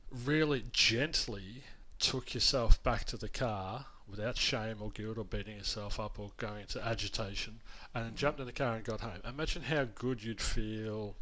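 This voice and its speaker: A man's voice: fairly low pitch, moderate pace, sharp tone. A man co-hosting a podcast, talking in an upbeat, coaching way and swearing casually. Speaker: podcast co-host, program founder. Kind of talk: casual chat.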